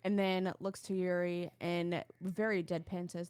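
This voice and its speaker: Woman player, lowish voice, loose halting narration. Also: little pitch movement, a little mellow, clean tone. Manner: casual, halting, many "like"s. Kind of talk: casual narration of a character's actions.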